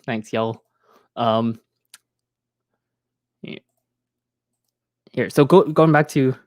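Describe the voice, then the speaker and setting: A man's voice: medium pitch, no echo. A man streaming from home, chatting casually into a close mic, rambling with many fillers and restarts. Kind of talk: casual live-stream chat.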